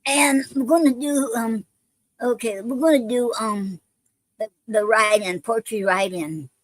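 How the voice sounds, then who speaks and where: A woman's voice: a little high, a little slow, no echo, rough recording. A woman hosting a casual live stream, talking with many ums and restarts.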